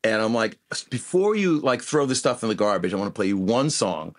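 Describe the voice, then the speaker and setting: A man's voice: on the low side, brisk. A middle-aged man telling road stories in a casual interview, acting out the dialogue in each story. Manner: animated anecdotes, acts out quoted dialogue. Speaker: guest musician.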